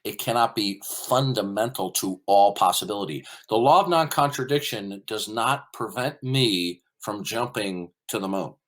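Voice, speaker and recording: A man's voice: lowish voice, lively intonation, moderate pace, hardly any pauses. A man hosting a heated online voice-chat debate, lecturing emphatically and interrupting with repeated questions. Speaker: debate host.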